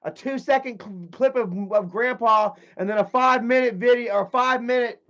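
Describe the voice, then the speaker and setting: A man with a very high voice rants on his livestream, cursing freely and tripping over his own words as he tells a story. The audio is dull and lo-fi. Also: brisk, a bit bright. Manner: profane, rambling storytelling with many restarts. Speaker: livestream host. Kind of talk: casual livestream rant.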